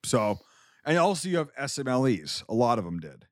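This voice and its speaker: A man's voice: medium pitch, very animated, moderate pace, dry recording, clean studio sound. A man from Wisconsin, co-hosting a casual film podcast, ranting in mock anger and swearing heavily. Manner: loud, heavy swearing, mock-angry ranting. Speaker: podcast co-host.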